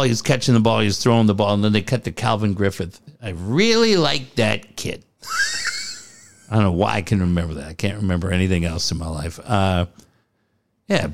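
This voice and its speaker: A man co-hosting a sports podcast in casual, blunt and profane talk. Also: fairly low pitch. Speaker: podcast co-host.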